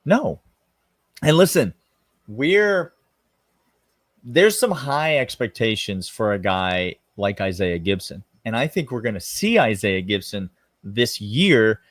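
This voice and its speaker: A man, co-hosting a casual sports podcast in an emphatic, animated way. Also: on the low side, slow pace, no room sound. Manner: emphatic, animated, drawls "y'all". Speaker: podcast co-host.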